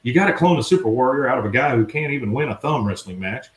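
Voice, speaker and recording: A man voicing a pumped-up middle-aged propane salesman who argues fast and hard. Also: mid-range voice, animated, reverberant, close to an everyday voice. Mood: worked up.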